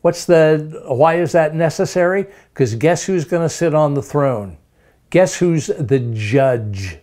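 A man preaching a sermon with emphatic delivery, stacking up rhetorical questions and repeating words to drive his points home. His voice sits at an ordinary male pitch. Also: darkish tone.

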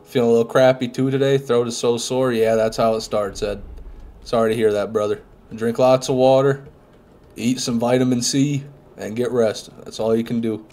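Man, young adult, game streamer, casual live commentary, chatty, swears casually, sick with a cold, mid-pitched voice. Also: steady tone, moderate pace, a little mellow. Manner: chatty, reads chat aloud, swears casually.

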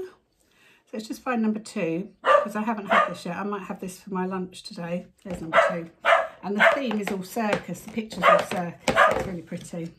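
A woman's voice: medium pitch, fairly quick. Chatty woman, noisy home recording. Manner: chatty, gushing, keeps breaking off to calm her dog. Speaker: crafting vlogger. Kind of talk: casual chat. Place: at home in a living room. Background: a dog barking and moving about.

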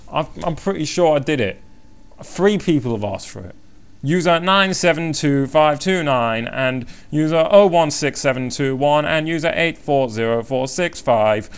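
Excitable man rambling on a live stream. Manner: excitable, rambling, jumps into high-pitched mock suspense and laughs often. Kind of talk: casual live stream chat.

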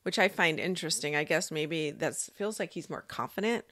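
Brief: low-voiced woman, casual rambling vlog talk, dry close-mic sound. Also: moderate pace, fairly bright tone, dry recording. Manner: rambling, thinking aloud with fillers and restarts. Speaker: psychic vlogger. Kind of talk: casual monologue.

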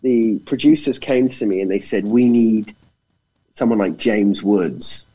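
A man's voice: lowish voice, a little slow, breathy edge, poor audio. A British man, a film director, telling stories in a casual conversation and acting out the quotes. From Britain. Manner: animated storyteller, acts out quotes.

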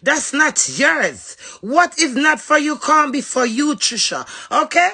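A Jamaican woman on a heated livestream, cussing and confronting someone head-on. Her voice sits high and comes out gravelly and husky, with a sharp, bright edge. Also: animated, takes it slowly. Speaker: social media livestreamer.

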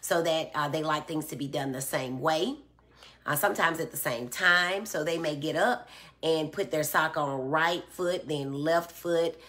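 Deep-voiced and unhurried, with a bit of brightness, a middle-aged woman hosts a live stream recorded on a phone or tablet. She goes through viewer comments aloud and explains patiently with ordinary, everyday examples.

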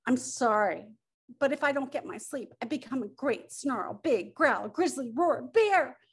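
A woman's voice: a little high, expressive, normal speed, husky. A woman voicing a grumpy, sleep-loving male bear who grumbles at being woken. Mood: pleading. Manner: grumbling, cross.

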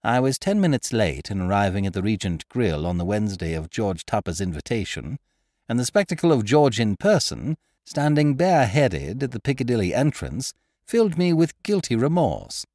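A male podcast narrator reads a classic story aloud into a studio microphone. His delivery is vividly expressive, with wide swings in pitch. The room sound is dry and close. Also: moderate pace, no echo.

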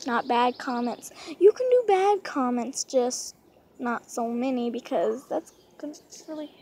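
A woman's voice: a little high, expressive, measured pace, mellow, a little hiss or hum. A woman vlogging casually outdoors from a lounge chair, rambling, hesitant and pleading.

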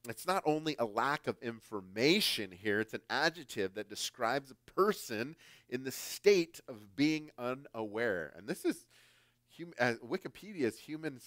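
A man from the United States, a guest pastor preaching a conversational, emphatic sermon that swings between louder and softer. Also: medium pitch, no echo.

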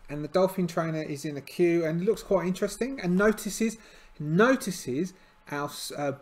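A man's voice: on the high side, a little mellow. A tired man narrating a solo tabletop game, hesitant and full of fillers and restarts.

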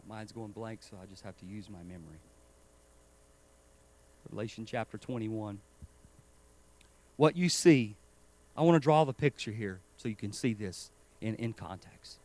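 A man preaching a sermon with urgent emphasis, swinging between loud stresses and quiet asides. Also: medium pitch, dry recording. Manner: urgent and emphatic, rising and falling in loudness.

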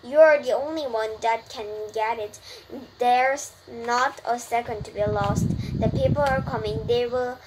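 A woman's voice: fairly even intonation, unhurried, very noisy, natural voice. A woman with a Korean first language voicing a frantic young male pig who begs and pleads, reading aloud from a storybook. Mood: desperate pleading. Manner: high, urgent, begging.

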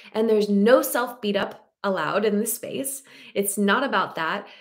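A woman dating coach speaks straight to her audience in an earnest, encouraging way. Her pitch sits in an ordinary middle range. She talks to her listeners directly, like a group of friends. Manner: earnest, encouraging, addresses listeners as "you guys". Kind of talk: motivational talk to an audience.

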